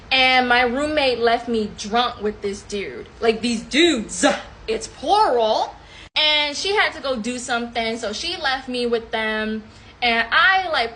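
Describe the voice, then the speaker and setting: A young woman telling a casual storytime monologue in colloquial speech, very animated and expressive, with loud outbursts and laughter. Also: fairly high pitch, a little hiss or hum. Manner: colloquial speech with many fillers.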